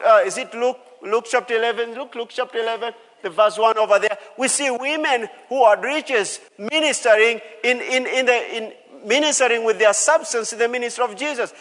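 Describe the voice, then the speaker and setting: A male pastor delivers a sermon with a notably high voice, leaning hard on key words and repeating them for the congregation. His voice rings out with the long reverb of a church hall. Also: a bit bright. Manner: emphatic, repeats key phrases, calls out to the congregation.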